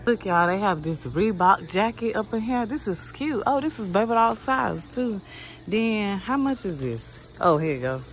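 A woman's voice: mid-range voice, big pitch swings, normal speed, slight background noise. Chatty woman vlogging while shopping. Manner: chatty, addresses viewers as y'all. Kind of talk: casual shopping vlog. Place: discount clothing store.

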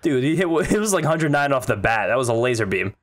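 Podcast guy riffing on his team's slump, jokey, throws in stats, swears a bit, middle pitch. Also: sing-song, quick pace. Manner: joking, stats-minded, swears casually. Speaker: podcast co-host. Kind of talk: casual sports chat.

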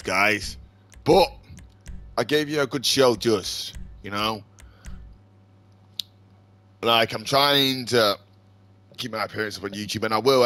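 A man commenting on his own game, flipping between shouted swearing and low muttering to calm himself. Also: dry recording. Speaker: gaming streamer. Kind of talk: casual gameplay commentary.

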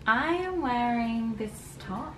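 Laid-back high-voiced young woman. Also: animated, slow, music in the background. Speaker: friend. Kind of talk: casual chat.

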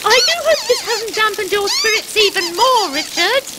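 A woman in a children's TV comedy speaks in a gently scolding, teasing way. Her voice is very high and sings up and down. Loud noise sits under the TV sound. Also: wildly swooping pitch, normal speed. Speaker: children's TV co-presenter.

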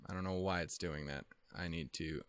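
Low-voiced man swearing through anime reactions. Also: fairly even intonation, fairly quick, fairly bright tone, smooth, no echo. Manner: profane, self-deprecating, easily flustered. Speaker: anime reaction video host. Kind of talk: casual rambling commentary.

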